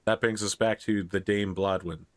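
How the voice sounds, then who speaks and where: A man narrates a tabletop game in a casual, joking way, now and then slipping into characters. His voice sits fairly low, and the sound is close and dry. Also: fairly even intonation, normal speed, dry recording. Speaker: game master.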